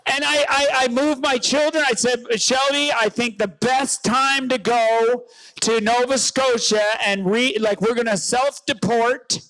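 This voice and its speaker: A comedian from rural Newfoundland doing loud, joking stand-up banter at an outdoor rally, often shouting to the crowd. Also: male voice, very high-pitched, steady tone, a little slow, no room sound, low-quality recording.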